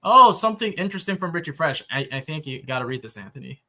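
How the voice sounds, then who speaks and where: A man's voice: fairly high pitch, lively intonation, quick pace, pushed and bright. A man co-hosting a casual sports talk show, jumping in with short remarks and calling things baloney. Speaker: co-host.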